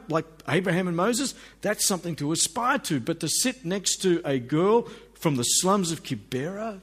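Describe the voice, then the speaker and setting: Animated middle-aged male preacher. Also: high-pitched. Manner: animated, acts out voices of people in the stories. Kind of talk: sermon.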